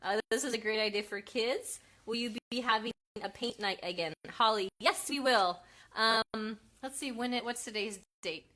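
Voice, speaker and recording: Bright-voiced mom hosting a craft stream. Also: female voice, fairly high pitch, normal speed. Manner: chatty, loose, with frequent ums and self-corrections. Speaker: craft livestream host and mother. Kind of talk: casual live demo, reading viewer comments. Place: at home with her kids.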